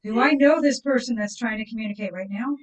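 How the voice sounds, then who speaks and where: A woman hosting a live ghost-hunting session, asking spirits slow, soft questions and chatting with her viewers. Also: fairly high pitch. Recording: voice distant from the mic.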